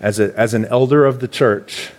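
A man, a church elder preaching a sermon in a conversational, explanatory way with animated emphasis. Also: mid-range voice, moderate pace.

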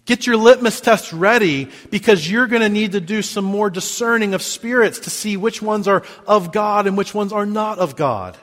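A man preaching a sermon as pastor, reading scripture and stressing key words, with sharp swings between loud emphasis and quiet drops. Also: moderate pace, few pauses, big-room sound. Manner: emphatic preaching with big swings in pitch and volume.

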